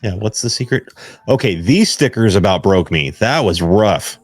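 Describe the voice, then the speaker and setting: A man with a very low, deep voice, chatting easily on a live stream. He chuckles often and teases in a relaxed way. The sound is dry and close, with no room around it. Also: normal speed, husky, no echo. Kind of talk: casual live-stream chat.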